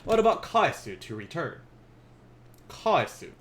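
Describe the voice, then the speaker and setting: A young man runs a relaxed live-stream language lesson in a slightly high, very animated voice. He is playful and chatty, and he laughs at his own jokes. Faint keyboard typing can be heard behind him. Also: a little slow, slight background noise. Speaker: Japanese teacher streaming a lesson.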